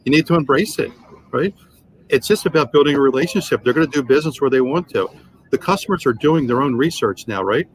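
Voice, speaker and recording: Older man telling lively stories. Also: mid-range voice, quick pace, slight background noise, poor audio. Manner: animated anecdotes with acted dialogue. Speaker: guest, automotive sales trainer. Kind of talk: storytelling in a podcast interview.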